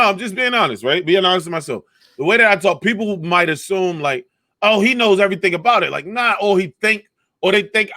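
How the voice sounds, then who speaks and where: Profane, animated man ranting. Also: fairly high pitch, no room sound, clean studio sound. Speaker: podcast co-host. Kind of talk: casual comedy podcast chat.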